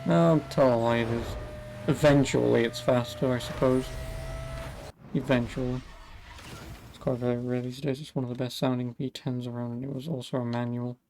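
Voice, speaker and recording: A man's voice: mid-range voice, fairly even intonation, quick pace, hardly any pauses, noisy background. Chatty young man, rambling. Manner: rambling, chatty, swears casually. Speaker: streamer. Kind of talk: casual gameplay commentary.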